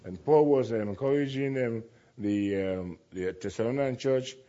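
A man preaching a sermon emphatically, slowing to stress key words and dropping to quiet asides, in a dull lo-fi recording. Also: mid-range voice. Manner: emphatic, swings from loud declaiming to quiet asides.

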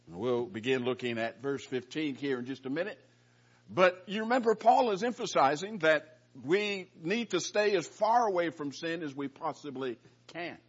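A man's voice: a little high, animated, moderate pace, slightly rough. A man preaching a Bible-study sermon in an earnest, emphatic way, often repeating words as he goes. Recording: muffled lo-fi recording.

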